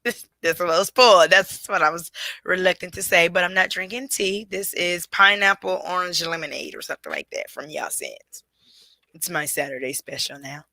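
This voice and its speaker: Bright, emphatic woman podcast host. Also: fairly low pitch, normal speed, creaky, no echo. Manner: emphatic, preachy, addresses listeners directly. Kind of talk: solo podcast talk.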